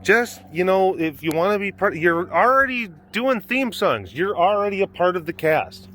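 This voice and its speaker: A man's voice: high voice, big pitch swings, moderate pace, sharp tone. A man hosting a casual vlog at an outdoor animal compound, chatting playfully and cooing baby talk at the cats. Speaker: host.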